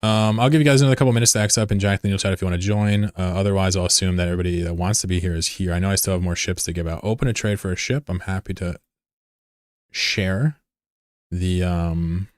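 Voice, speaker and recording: Fast and offhand, a low-voiced man rambles through live-stream chat as he runs his game fleet, cracking jokes and swearing. The desk-mic recording is close and dry, with no room sound.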